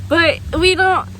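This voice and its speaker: A woman's voice: very high voice, sharp tone, rough recording. A young woman vlogger telling a story casually, rambling with lots of ums and acted-out quotes. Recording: faint background noise.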